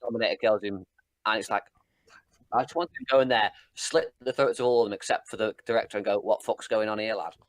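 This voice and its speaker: A man's voice: lowish voice, no room sound. Blunt, sweary young man on a dry mic. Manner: blunt, sweary, retells scenes with quick put-on voices. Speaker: podcast co-host. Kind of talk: casual chat, episode review.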